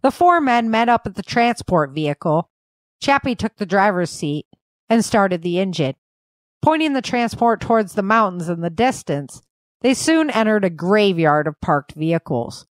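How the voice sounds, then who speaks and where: A woman host and author narrating her own novel in an even, measured reading. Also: mid-range voice, no echo. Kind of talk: scripted audiobook narration.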